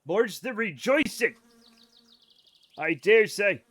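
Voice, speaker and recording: A man's voice: high-pitched, lively intonation, takes it slowly, a bit bright. A man streaming a game live, rambling casually to his chat in a self-amused way.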